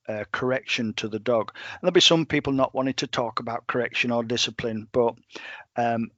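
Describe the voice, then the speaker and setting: A man's voice: medium pitch, no room sound, dull audio. A man with an English accent, a professional gun dog trainer talking in a casual interview, blunt and plain-spoken, often quoting what he tells clients. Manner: blunt, plain-spoken, quotes himself a lot.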